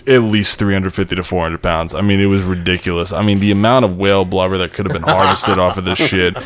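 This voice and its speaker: A young man telling crude stories in casual chat, swearing constantly and laughing his way through loud retellings. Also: steady tone, quick pace. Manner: profane, rowdy, laughs into high-pitched retellings.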